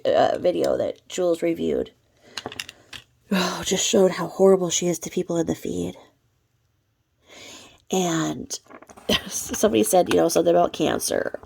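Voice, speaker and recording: A woman hosts her own channel, talking to camera in chatty, rambling vlog commentary and sometimes dropping to a whisper. Her fairly low voice has vocal fry, a darkish tone, and a little hiss or hum.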